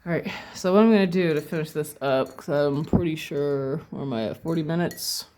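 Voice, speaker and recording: In a medium-pitched, darkish voice and at a fairly quick pace, a painting instructor works at a home desk, casually narrating each brushstroke. It's a step-by-step demo full of thinking aloud and self-corrections.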